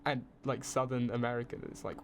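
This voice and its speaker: A man's voice: medium pitch, flat delivery, a little fast. Chatty young British man, faint hiss. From United Kingdom. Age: young adult. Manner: chatty, laughs often, restarts sentences. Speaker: film production student, guest. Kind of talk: casual podcast chat.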